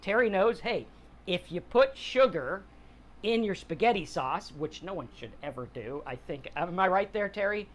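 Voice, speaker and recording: A middle-aged man hosts a podcast in a high-pitched, expressive voice at normal speed, discussing mental health and sobriety in a casual, straightforward way. He offers motivation and acts out quotes in other people's voices.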